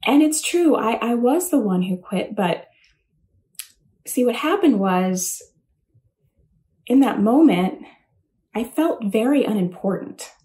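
A woman's voice: on the high side, animated, slow, long pauses, dark tone. A woman giving a casual, rambling commencement speech, self-deprecating and full of fillers. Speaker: commencement speaker. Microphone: home recording for a virtual address.

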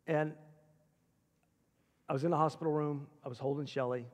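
A man speaking at a school chapel, telling personal stories in an earnest way that swings from hushed to excited. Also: on the high side, moderate pace. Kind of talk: personal storytelling sermon. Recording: echoey hall.

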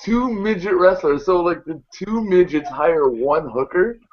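A man's voice: sits high, animated, unhurried. A man hosting a casual live video hangout, joking and laughing often as he rambles. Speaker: host of a motovlogger live hangout. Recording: dull lo-fi sound with faint noise.

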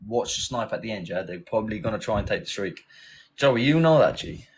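A man's voice: lowish voice, lively intonation, fairly quick, slight background noise, rough recording. A man from England hosting a casual live stream, chatting, thanking viewers and rallying his team. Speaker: livestream host. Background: loud music.

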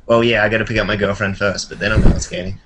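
A young man with an Australian accent and a lowish voice. He talks in a relaxed, dry way on a casual call, with a clear hiss on the line. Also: quick pace. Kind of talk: casual podcast chat over a video call.

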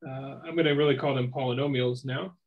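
Male seminar speaker, academic lecture, thinks out loud, many restarts, mid-pitched voice. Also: steady tone, brisk, narrow, tinny audio. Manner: thinks aloud, with frequent fillers and restarts.

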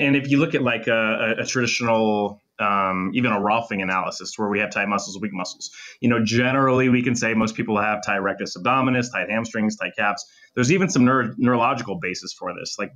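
His voice sits on the low side with a sharp tone. As a podcast guest and sports medicine doctor, this man lectures quickly and in technical detail about injuries and how muscles work, using clinical vocabulary.

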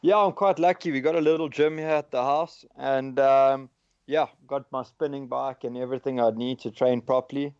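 A man's voice: mid-range voice, fairly even intonation, moderate pace, darkish tone, clear, resonant tone. A young man with a South African accent, chatting casually as a guest on a remote call in a laid-back way. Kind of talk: casual chat. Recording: dull remote call audio.

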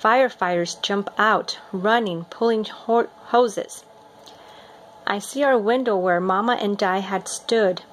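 A woman reading a picture book aloud in a steady, expressive storytelling manner. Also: mid-range voice, slow pace, slight background noise. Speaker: reader.

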